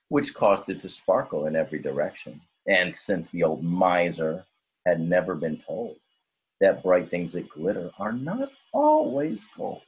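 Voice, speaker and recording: Husky man reading a rhyming story. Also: sits low. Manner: expressive, sing-song read-aloud. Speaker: teacher.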